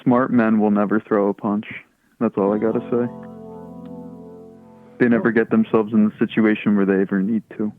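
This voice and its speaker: A man's voice: fairly low pitch, flat delivery, moderate pace, long pauses. A man from Philadelphia with a Philly accent, calling in and rambling in a profane, casual way. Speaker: caller. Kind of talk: casual call-in chat. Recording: tinny phone-like line with faint music.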